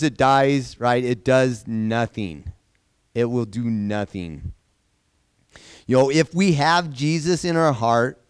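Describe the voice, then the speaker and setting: Slow-talking man teaching a Bible class. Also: medium pitch, a little mellow, clean tone, no room sound, studio quality. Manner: conversational, asks the class questions, repeats phrases. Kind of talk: informal Bible lesson to a group.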